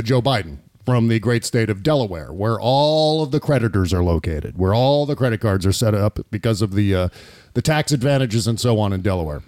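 Joking talk-radio host, lively pitch. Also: male voice. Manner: joking, laughs often, quick asides. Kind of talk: casual comedic talk radio chat.

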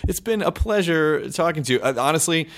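A man's voice: on the high side, brisk. Upbeat American male podcast host, chatty and easily thrilled, curses casually. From United States. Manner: enthusiastic, swears casually, animated laughter.

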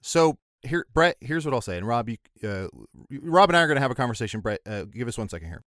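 A man's voice: medium pitch, sing-song, fast talker, a bit bright, no room sound, studio quality. A man co-hosting a comedy podcast, teasing his friends playfully with mock-serious coaching. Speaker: podcast co-host. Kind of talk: casual comedic chat.

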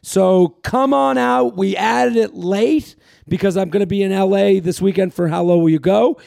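Guy with a high raspy voice rambling on his podcast, crude jokes, lots of plugs, dry close sound. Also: dark tone, no room sound. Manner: rambling, crude joking, self-promoting. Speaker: podcast host and comedian. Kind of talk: casual podcast chat.

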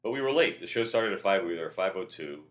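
A man on a podcast, telling long anecdotes in a rambling, animated way and acting out quotes in a loud voice. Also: deep voice, fast talker, a little hiss or hum. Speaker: podcast guest. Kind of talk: casual anecdotal storytelling. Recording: roomy echo.

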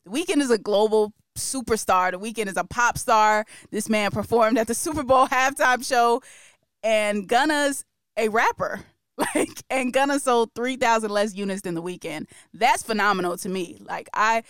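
A woman's voice: fairly high pitch, moderate pace, fairly bright tone, clean tone, no room sound, clean studio sound. A woman co-hosting a podcast, chatting casually and laughing often, playful and opinionated. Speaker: podcast co-host. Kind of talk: casual chat.

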